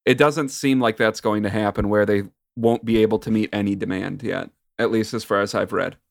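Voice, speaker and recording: An American man co-hosting a casual chat, with wry, deadpan jokes. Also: lowish voice, fairly quick, gravelly, no echo, clean studio sound. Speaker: podcast co-host.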